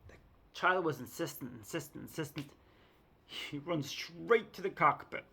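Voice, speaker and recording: A woman's voice: low-pitched, moderate pace, creaky, pushed and bright, slightly rough. A woman vlogger telling a story in a chatty, self-mocking monologue to the viewer.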